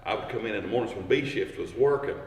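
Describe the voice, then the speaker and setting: A man's voice: fairly low pitch, fast. A man, a firefighter telling rambling stories in a fire station garage. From East Tennessee. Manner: rambling, many restarts, laughing asides. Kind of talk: casual storytelling. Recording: echoey hall, voice from far off.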